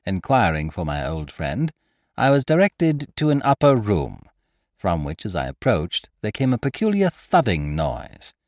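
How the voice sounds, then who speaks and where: A man narrating a classic story in a measured, wry storytelling manner, close to the mic. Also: sits low, huge pitch swings, no echo. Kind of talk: audiobook reading of a classic story.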